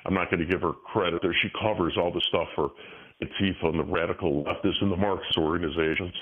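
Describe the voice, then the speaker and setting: A man's voice: low voice, fast, husky. Tinny phone-line older man, storytelling. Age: 60s. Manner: animated storytelling with frequent restarts. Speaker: guest. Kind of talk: casual interview talk.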